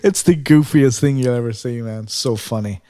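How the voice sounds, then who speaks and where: A man's voice: medium pitch, normal speed. A man co-hosting a casual podcast chat, telling stories with lots of fillers and humming the music he describes. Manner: animated storyteller, hums and sings riffs; rambling with many fillers. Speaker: podcast co-host.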